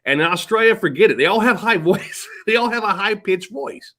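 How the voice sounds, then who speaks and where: Middle-aged man, high voice, swings all over in pitch, casual rambling chat, swears a lot. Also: expressive, fairly quick, bright, forceful tone. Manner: rambling, profane, laughs often. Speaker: podcast co-host.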